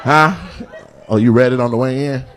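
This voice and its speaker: A man's voice: mid-range voice, normal speed, a little hiss or hum. A man doing stand-up crowd work on a club stage, teasing audience members in loose, slangy banter. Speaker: stand-up comedian. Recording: live club recording, loud crowd laughter.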